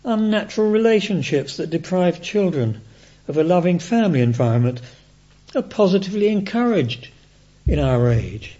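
A man preaching a sermon in a measured, emphatic way. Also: high-pitched, lively intonation, mellow. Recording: dull lo-fi recording.

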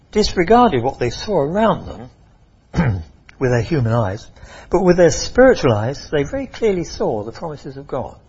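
A man preaching a sermon, emphatic and expressive, often repeating and restarting phrases. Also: fairly high pitch, slightly rough, dull audio.

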